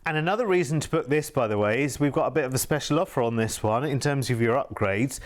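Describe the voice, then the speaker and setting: A man's voice: medium pitch, quick pace. A British man presenting cruise deals on a TV shopping channel, chatty and upbeat, with asides to his co-host. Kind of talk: TV shopping sales pitch.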